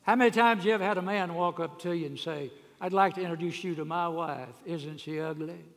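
Man preacher, fairly high voice, folksy sermon with loud emphatic peaks, church hall reverb. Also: fairly quick. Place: church sanctuary. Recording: long reverb of a large hall.

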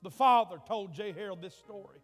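A male preacher telling a story in a revival sermon, dramatic, swinging from hushed tones to shouts. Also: high-pitched, a little fast. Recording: long hall reverb, faint music.

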